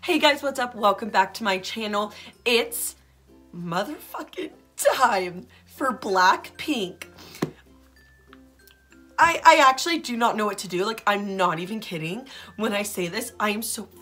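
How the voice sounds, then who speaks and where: A woman's voice: mid-range voice, brisk, sharp tone. A young woman reacting to a music video on her channel, gushing, gasping and swearing constantly. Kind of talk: excited reaction vlog. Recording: music playing faintly behind.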